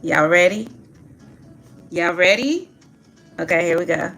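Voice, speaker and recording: Woman, slow emphatic call-and-response, slightly low voice, faint music behind. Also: expressive, a bit bright. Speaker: speaker leading affirmations.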